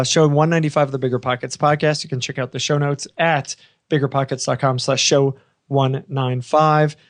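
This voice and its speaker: A man hosting a podcast, hoarse from having partly lost his voice, joking and upbeat in casual banter. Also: fairly high pitch. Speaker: podcast host.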